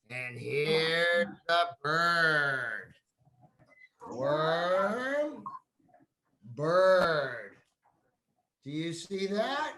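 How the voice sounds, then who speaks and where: Very slow bright-voiced teacher. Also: mid-range voice, animated. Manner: slow, drawn-out words, repeats key words and prompts children to say them. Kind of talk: reading a picture book aloud to young children.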